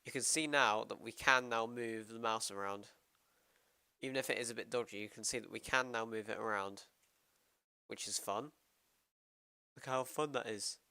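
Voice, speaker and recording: British male streamer, bright crisp voice, casual coding talk, thinks aloud. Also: fairly low pitch, fairly even intonation, moderate pace, long pauses, dry recording. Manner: rambling, self-interrupting, thinking aloud. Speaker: programmer streamer.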